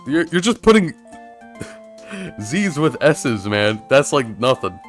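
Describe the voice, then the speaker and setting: A man's voice: mid-range voice, big pitch swings, slow pace, pauses often, faint music behind. A man streaming a video game, commenting casually and rambling with lots of filler words.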